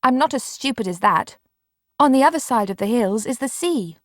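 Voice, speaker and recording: A woman's voice: on the high side, expressive, moderate pace, no room sound, studio quality, voice pushed up, close to an everyday voice. A woman reading an audiobook, voicing an eager, impulsive young girl in a pleading, breathless way.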